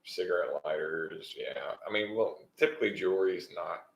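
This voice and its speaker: A man co-hosting a relaxed chat, explaining things easily with lots of fillers. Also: low voice, moderate pace, creaky, echoey room, poor audio. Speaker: co-host. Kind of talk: casual chat.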